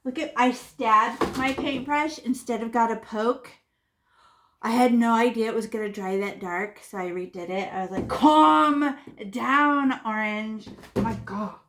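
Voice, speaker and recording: A woman leads a children's painting class with a slightly high voice. She talks playfully and chattily, tossing in sound effects and repeating words as she goes. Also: steady tone, moderate pace, slight background noise. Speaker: art teacher. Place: classroom or home room.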